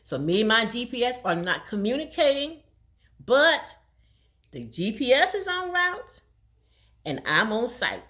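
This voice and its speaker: A woman telling a personal story in a casual vlog, talking fast and laughing often. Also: fairly high pitch, sing-song, a bit bright. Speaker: vlogger.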